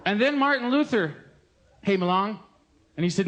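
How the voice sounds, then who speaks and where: A young American man in his twenties, giving a joking, animated sermon at a live concert and mimicking voices. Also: sits high, moderate pace. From United States. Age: 20s. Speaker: gospel singer preaching.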